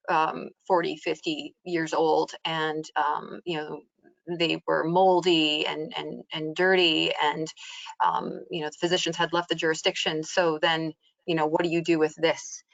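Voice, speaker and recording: A woman's voice: sits low, creaky, fairly bright tone, dry recording. A woman moderating a webinar panel, reading out viewer comments and sharing her experience, with hesitant fillers. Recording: dry, muffled video call audio.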